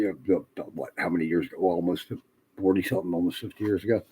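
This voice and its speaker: A man of about sixty telling rambling, profane stories in a casual way, laughing often and filling pauses with "you know". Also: deep voice, dark tone, husky, low-quality recording.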